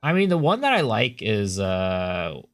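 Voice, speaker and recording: A man's voice: fairly low pitch, wildly swooping pitch, unhurried. A man streaming a game, chatting casually with his viewers and giving loose, blunt opinions, with some swearing. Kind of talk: casual livestream chat while gaming.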